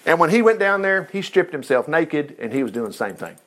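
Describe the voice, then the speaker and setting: A man with a somewhat high voice gives a loose, conversational Bible teaching. He talks animatedly and breaks into chuckling asides between the passages he reads. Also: very animated, a little fast, a bit bright.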